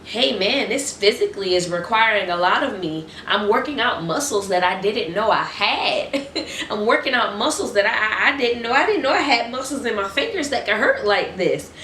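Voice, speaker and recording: A woman giving an excited, restless motivational faith talk to her viewers, repeating her refrains. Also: a little high, normal speed, a little hiss or hum. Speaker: Christian vlogger. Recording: roomy echo, distant mic.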